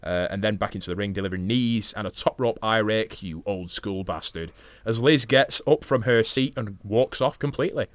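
A man's voice: fairly low pitch, normal speed, no room sound. A man co-hosting a podcast, swearing casually and recapping a wrestling match from notes between chatty asides. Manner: profane, chatty, laughs often, reads play-by-play notes. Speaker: podcast co-host.

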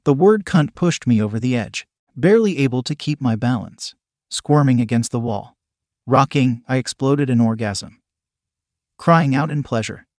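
A man giving a steady, evenly paced first-person story narration. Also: medium pitch, moderate pace, dry recording, studio quality.

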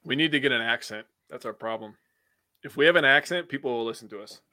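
A man's voice: mid-range voice, fast talker, bright, forceful tone. A young man from Wisconsin co-hosting a sports podcast, talking bluntly and opinionatedly, with some swearing. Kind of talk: casual chat.

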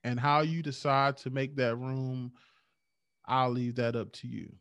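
A man co-hosting a podcast in casual chat, speaking in a measured, reflective way. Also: mid-range voice, steady tone, a bit bright, clear, resonant tone, no echo, highs cut off. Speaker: podcast co-host.

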